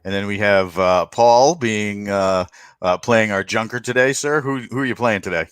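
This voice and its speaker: A man's voice: fairly low pitch, moderate pace, fairly bright tone, clear, resonant tone, dry recording. A man acting as game master who introduces players and narrates the scene in a loose, laughing way. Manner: loose, laughing, lots of fillers.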